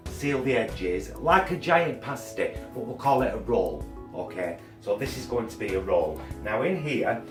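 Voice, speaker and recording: A man's voice: medium pitch, far from the mic. Rambling man in a roomy kitchen. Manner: rambling, chatty, many ums and uhs. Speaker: cooking channel co-host. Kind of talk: casual cooking demo chat.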